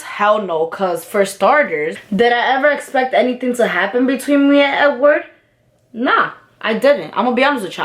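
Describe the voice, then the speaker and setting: A young woman tells a storytime to her camera while she does her makeup. Her talk is candid, profane and thick with slang and fillers. It stays a casual, confiding chat. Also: on the high side. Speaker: vlogger.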